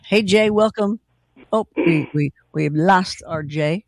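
Man, radio call-in host, high voice, dry studio mic, upbeat and chatty. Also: slow pace, gravelly, dry recording. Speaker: late-night radio host. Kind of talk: radio call-in show hosting. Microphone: studio microphone.

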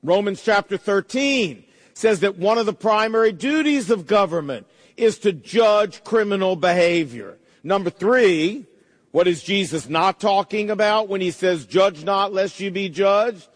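A middle-aged man preaching a sermon, emphatic, slowing down to quote verses. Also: high voice, lively intonation, long reverb tail. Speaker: pastor.

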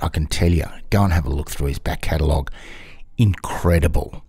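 A man's voice: a bass voice, fairly even intonation, fairly quick, creaky, mellow, husky, no room sound, clean studio sound. A man, hosting a music radio show in a rambling, chatty, self-mocking way. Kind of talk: casual music radio presenting.

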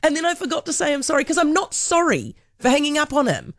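A New Zealand woman hosting talk radio, telling stories in a chatty, animated way on a studio microphone. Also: high voice, quick pace, a little hiss or hum. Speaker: radio host. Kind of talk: casual radio chat.

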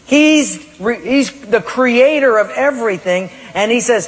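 A pastor preaching a sermon, emphatic, acting out people's excuses in a raised voice. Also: male voice, very high voice, lively intonation, unhurried, breathy edge, big-room sound, poor audio.

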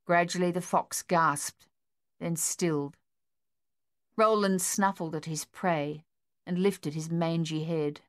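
A woman narrating an audiobook with steady, even storytelling. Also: fairly low pitch, slow pace.

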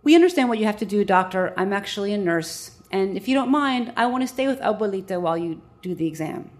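A calm, gentle grandson who is a nurse, as a woman telling a story puts him on speaks politely and evenly. He sounds steady and kind, with no rush in his words. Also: medium pitch, fast, close to an everyday voice.

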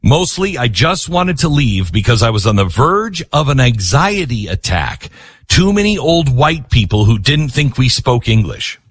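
A man giving sarcastic, animated news commentary, acting out the people he quotes. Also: medium pitch, measured pace, slightly rough, dry recording.

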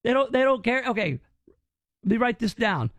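A man's voice: extremely high pitch, sing-song, moderate pace, vocal fry, fairly bright tone, no room sound. A man hosting a radio talk show, mocking and incredulous as he picks apart news clips.

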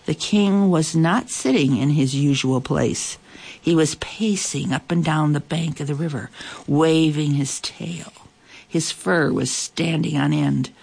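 Storyteller, fable reading, measured, expressive, gravelly, mid pitch.

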